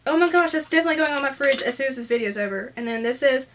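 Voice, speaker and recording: A woman vlogger opening gifts on camera, gushing and excited, often tearful and soft-spoken. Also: sits high, racing, hardly any pauses, a little hiss or hum. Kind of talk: casual unboxing vlog.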